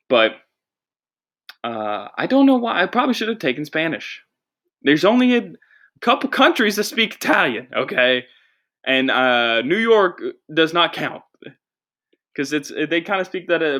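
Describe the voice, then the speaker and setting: Young male comedian-host, bright, rambling and self-deprecating, casual solo podcast talk. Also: mid-range voice. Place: small studio with a producer.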